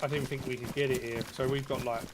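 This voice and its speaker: A man's voice: mid-range voice, little pitch movement, fast, noisy background. Laid-back man on voice chat. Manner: laid-back, hesitant, repeats words. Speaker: co-player on stream. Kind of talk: casual gaming chat.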